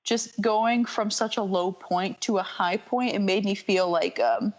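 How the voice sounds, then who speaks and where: A woman's voice: mid-range voice, steady tone, lo-fi sound. Southern-accented woman rambling on a podcast. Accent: Southern US (North Carolina). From North Carolina, USA. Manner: rambling and halting, full of "like" and "um". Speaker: podcast guest. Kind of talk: casual podcast chat.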